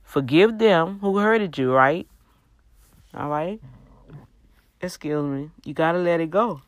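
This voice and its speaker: Her deep voice, recorded dry, carries a casual faith talk she hosts on a livestream. She sounds earnest and exhorting like a preacher, stretching her emphasis, and seems somewhat tired, yawning now and then.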